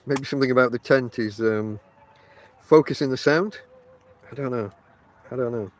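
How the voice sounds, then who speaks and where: A man from Barnsley in South Yorkshire, with a Northern English accent and a mid-range voice, hosts a casual, rambling podcast monologue from inside a tent outdoors. He talks at a moderate pace, chatting straight to his listeners and using lots of fillers.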